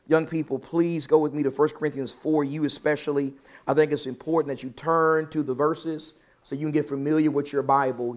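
A man teaching from scripture in an earnest, questioning way, with a voice a touch higher than most men's. He slows down to press on the words he wants remembered. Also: a little mellow. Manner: earnest, questioning, stresses key words slowly. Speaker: preacher. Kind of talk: Bible class sermon.

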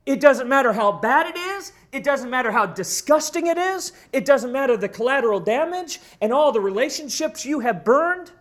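A man's voice: extremely high pitch, lively intonation, normal speed, a bit bright. A man preaching a sermon in an emphatic, storytelling way, addressing his congregation. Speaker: pastor.

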